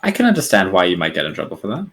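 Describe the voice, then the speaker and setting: A man co-hosts a casual podcast chat in a wry, teasing manner. His voice sits a bit low, and his intonation swings widely. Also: wildly swooping pitch, racing, a bit bright.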